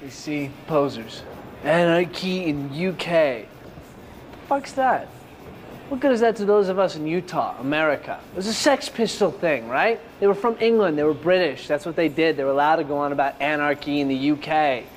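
A man's voice: on the high side, expressive, normal speed, a little hiss or hum, close to an everyday voice. An actor playing an angry young male punk who rants with profane, sardonic scorn, in a clip from a film. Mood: ranting.

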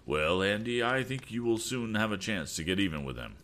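A man reading aloud voices a vengeful middle-aged father who gloats slowly over his plans. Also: fairly low pitch, big pitch swings, a bit bright, voice pushed up. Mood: scheming. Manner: gloating, slow and deliberate.

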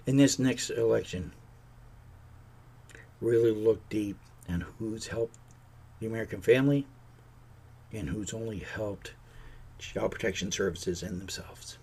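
A man's voice: lowish voice, unhurried, gravelly, long pauses, dark tone, husky. A man hosting a podcast, giving an indignant, sarcastic political rant. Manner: indignant, sarcastic, mocks politicians in put-on voices. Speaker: podcast host.

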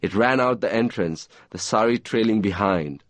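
Low-voiced man reading fiction aloud. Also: normal speed, no room sound. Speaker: author reading his novel.

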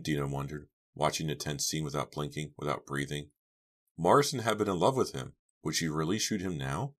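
A man narrating a horror novel audiobook in a measured, steady reading. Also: rumbling low. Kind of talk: scripted narration.

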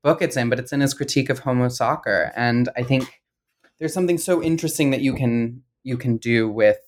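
A man's voice: mid-range voice, brisk. A man interviewing an author in a casual conversation, speaking tentatively.

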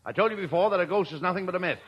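A man's voice: sits high, very fast, slightly rough. A man playing the bossy straight man in a 1940s radio comedy, on a dull, scratchy old broadcast recording.

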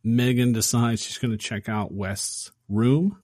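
A man casually recapping a horror film on a podcast, acting out the characters' lines with animated energy. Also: mid-range voice, unhurried, no room sound, clean studio sound. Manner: animated storyteller acting out quotes. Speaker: podcast host.

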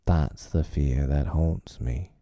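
A man voicing a menacing, scheming pirate captain in a storybook reading, slow and brooding, speaking through his teeth. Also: a bass voice, dark tone, dry recording, clean studio sound, pitched below the performer's own voice, heavily acted. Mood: fearful.

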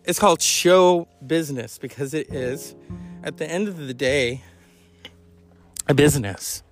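Male podcast host, high voice, rambling and candid, swears freely, faint music underneath. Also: measured pace. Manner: rambling, candid, profane, with sighs and yawns. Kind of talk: casual monologue.

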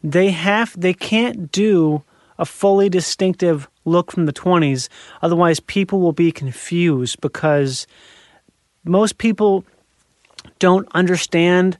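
Man, high-pitched, rambling, animated, filler-heavy, dry close sound. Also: slow, no echo. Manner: rambling, animated, lots of fillers, laughs often. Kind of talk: casual chat.

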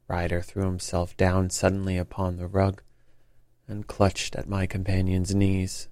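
Male audiobook narrator, low and slow, dry sound. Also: completely flat delivery, a little mellow, no echo.

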